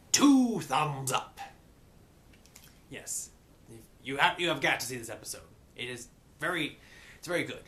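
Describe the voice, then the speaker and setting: A man's voice: fairly high pitch, pushed and bright. A man giving a casual recap and review of a cartoon episode, slipping into mock pirate grammar.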